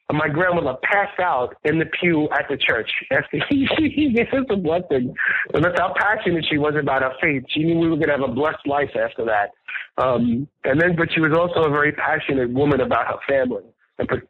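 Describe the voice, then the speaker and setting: A New man with a husky, slightly breathy voice tells stories as an interview guest, earnest and animated. He comes through a tinny, phone-like line with a dry, close sound. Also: mid-range voice, no room sound. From New York, the Bronx. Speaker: restaurant owner, guest. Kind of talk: casual interview storytelling.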